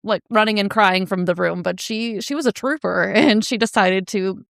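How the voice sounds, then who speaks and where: A woman's voice: mid-range voice, moderate pace, creaky, fairly bright tone, no echo, clean studio sound. A woman co-hosting a podcast in casual chat, wry and amused, laughing often. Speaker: podcast co-host.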